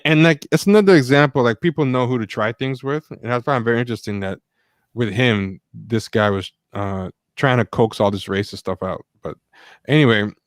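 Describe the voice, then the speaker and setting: A man's voice: on the low side, no echo. A man co-hosting a casual livestream discussion, reading quotes aloud and reacting with lots of fillers. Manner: animated, reads quotes aloud, many fillers. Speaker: podcast co-host.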